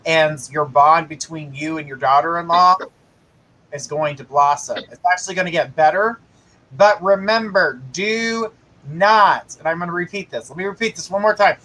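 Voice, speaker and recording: Male psychic host, high and bright, casual and reassuring, talks straight to the caller. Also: slight background noise, poor audio. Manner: casual, reassuring, gives direct advice. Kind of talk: live-stream psychic reading.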